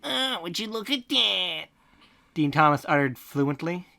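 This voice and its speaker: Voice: mid-range voice, big pitch swings, gravelly, pushed and bright, exaggerated voice. A host putting on a nerdy, polite teenage schoolboy voice for a comic fanfic reading. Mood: prim. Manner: slow, drawn-out nerd voice. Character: nerdy smart teenage boy, prim and polite.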